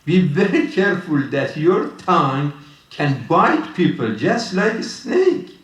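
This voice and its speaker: A man's voice: a little high, sing-song, takes it slowly. A man giving an informal sermon, emphatic and repetitive, with frequent restarts. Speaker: religious speaker. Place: mosque hall. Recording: roomy, distant mic.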